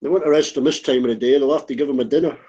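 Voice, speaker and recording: A man's voice: mid-range voice, racing, mellow, lo-fi sound. A man in casual phone chat, dry and teasing, swearing casually.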